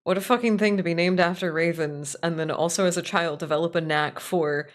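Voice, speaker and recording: A woman with a fairly low voice streams a game and chats casually. She swears freely, rambles through asides and laughs easily. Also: steady tone. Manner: profane, rambling, quick to laugh. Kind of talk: casual let's-play chatter.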